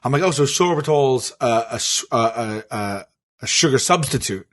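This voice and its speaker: A man's voice: medium pitch, animated, moderate pace. A man co-hosting a podcast, telling a long story in casual chat and acting out both sides of a phone call. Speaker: podcast co-host.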